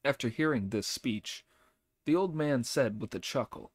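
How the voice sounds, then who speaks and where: A man narrating an audiobook in a measured, expressive reading. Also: mid-range voice, dry recording. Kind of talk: scripted narration.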